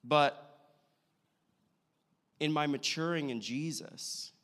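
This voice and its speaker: A man, a pastor, preaching a sermon with a measured delivery and slow, deliberate emphasis. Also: mid-range voice. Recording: long hall reverb.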